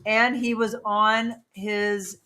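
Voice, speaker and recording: A middle-aged woman hosting a casual livestream chat, talking quickly and laughing with people around her. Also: mid-range voice, little pitch movement, sharp tone, a little hiss or hum. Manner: chatty, laughing, quick asides to people in the room. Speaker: host.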